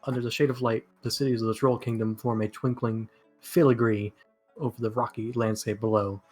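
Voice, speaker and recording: A man reads story narration aloud in a plain, steady way, now and then stumbling on a word. His pitch sits in the middle range. Faint music plays behind him. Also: fairly quick. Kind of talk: casual reading of narration in a fan read-along.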